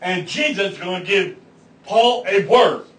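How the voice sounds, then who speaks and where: Man, pastor, high voice, emphatic sermon, shouting at peaks, far from mic, echoey church. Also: a little slow. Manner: emphatic, rising to shouts, acting out quoted voices. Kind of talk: preaching a sermon with congregation responses. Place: church sanctuary.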